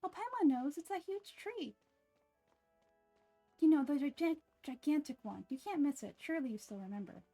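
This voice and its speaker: A woman voicing a tiny, chirpy fairy companion girl in a game dub, eager and excited. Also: sits high, normal speed, faint music behind, pitched above the performer's own voice.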